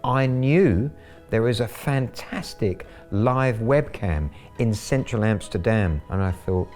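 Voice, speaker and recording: Wry, gleeful low-voiced man. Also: lively intonation, slow pace, darkish tone, soft background music. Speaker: scambaiter. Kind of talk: storytelling interview.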